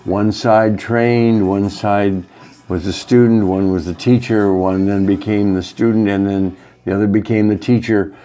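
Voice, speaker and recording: A man giving a rambling spiritual talk as a yoga teacher, halting often and using many fillers. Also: on the low side, steady tone, dark tone. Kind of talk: casual spiritual monologue.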